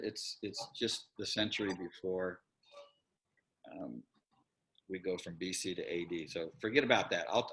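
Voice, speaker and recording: A man teaching an online Bible class in a relaxed, rambling way, often stopping to correct himself. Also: on the low side. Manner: conversational, rambling with self-corrections. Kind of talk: casual online Bible lesson.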